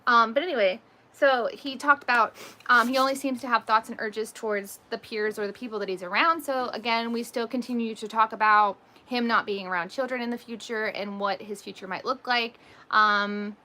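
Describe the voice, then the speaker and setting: Bright-voiced chatty woman vlogger. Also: a little high, steady tone, normal speed. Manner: chatty, laughs often, many ums. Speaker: vlogger and mother. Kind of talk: casual livestream storytelling.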